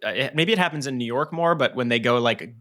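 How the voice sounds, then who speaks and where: A man's voice: mid-range voice, fast, fairly bright tone. A man in his thirties hosting a podcast, casual and self-mocking with frequent jokes. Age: 30s. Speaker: podcast host. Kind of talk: casual chat.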